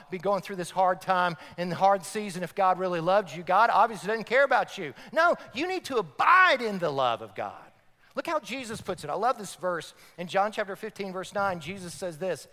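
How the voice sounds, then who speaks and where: High, bright-voiced preaching man. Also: sing-song, normal speed. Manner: emphatic, repetitive preaching with rising and falling intensity. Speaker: pastor. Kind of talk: sermon. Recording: long hall reverb.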